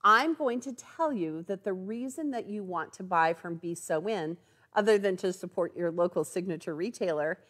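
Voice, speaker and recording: Animated chatty woman demonstrating. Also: mid-range voice. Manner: chatty, animated, tags lines with "okay?". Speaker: product demonstrator. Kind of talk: live sewing store demo.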